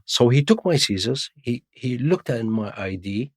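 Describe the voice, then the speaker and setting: A man's voice: medium pitch, lively intonation, moderate pace, no room sound, clean studio sound. A middle-aged Iraqi man, native Arabic speaker, telling his story in broken English with London slang and acting out other people's voices, as a podcast guest. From Iraq. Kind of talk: casual storytelling interview.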